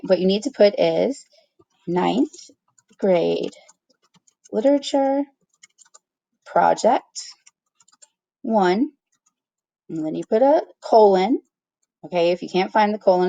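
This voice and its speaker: A woman's voice: fairly low pitch, creaky, a little mellow, no room sound. A woman teacher giving a patient, step-by-step screen-recorded tutorial, checking in with her students as she goes.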